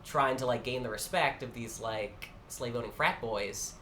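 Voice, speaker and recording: A man's voice: medium pitch, moderate pace, bright, forceful tone. A man co-hosting a podcast, musing and digressing as he thinks aloud in casual conversation. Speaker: podcast co-host. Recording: echoey room, faint background noise.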